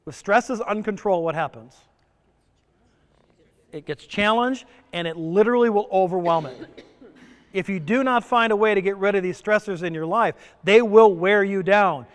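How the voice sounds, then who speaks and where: High-voiced joking male presenter. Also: moderate pace. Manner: joking, asks the audience questions. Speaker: presenter at a stress summit. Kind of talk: conference talk. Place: resort conference room. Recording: long reverb of a conference hall.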